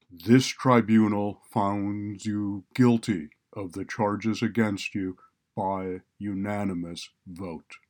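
Stern chief judge, read by a man: very low, resonant, loud and unhurried. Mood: solemn. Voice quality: deep resonant voice. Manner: loud, slow, measured pronouncements. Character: stern male chief judge, cold and commanding.

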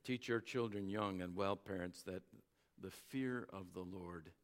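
A male pastor preaching a sermon, earnest and exhorting, dropping to a hush on weighty words. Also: low voice, measured pace.

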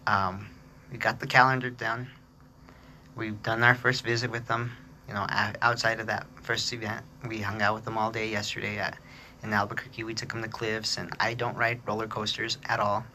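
A man tells a personal story on his podcast in loose, chatty fashion, laughing as he goes and pitching his voice up to mimic others. His voice sits a bit low but sounds bright and forceful. A faint noise floor hums under the recording. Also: little pitch movement, moderate pace. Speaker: podcast host. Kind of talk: casual storytelling.

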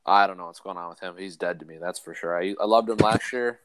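A man co-hosting a podcast in casual chat, laid-back and quick to laugh as he moves the talk from one segment to the next. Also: low-pitched, fairly bright tone, slight background noise, rough recording. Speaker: fantasy league podcast co-host.

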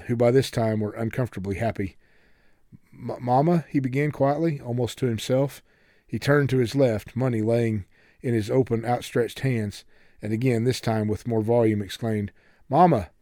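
Mellow-voiced male storybook narrator. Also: mid-range voice, dry recording, studio quality. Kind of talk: audiobook narration.

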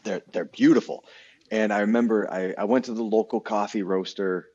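A man's voice: lowish voice, fairly even intonation, moderate pace, darkish tone, husky. A young man telling a rambling story in casual chat, with many restarts. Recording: dull lo-fi sound.

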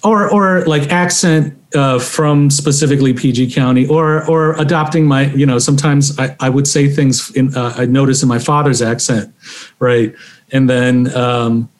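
A young man from Maryland, speaking in a halting, reflective conversational way with many fillers and restarts. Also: medium pitch, fairly even intonation. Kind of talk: conversational interview.

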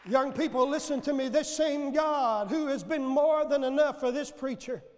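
Male preacher, very high voice, slow and fervent, shouts and call-and-response, big reverberant church. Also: a faint crowd, a little hiss or hum. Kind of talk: sermon. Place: church sanctuary.

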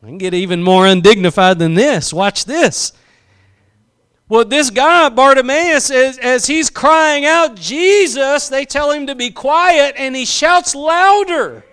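A man's voice: very high-pitched, unhurried, a bit bright, clean tone. A man preaching a sermon, impassioned, drawing out key phrases for emphasis and acting out quotes.

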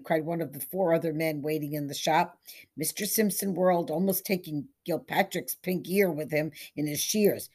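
A woman reading a short story aloud as scripted narration, in a measured storytelling manner. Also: low voice, darkish tone, husky. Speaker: story reader.

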